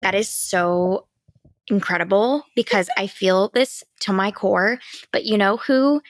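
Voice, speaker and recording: A woman's voice: medium pitch, a little slow, no echo. A young adult woman hosting a podcast, chatting casually and leaning on lots of "like" fillers. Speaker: podcast host.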